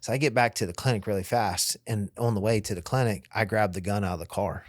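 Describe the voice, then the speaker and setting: A podcast guest with a lowish voice talks fast, telling a story in casual, profane language and vividly acting out what other people said. The recording is studio quality with no room sound.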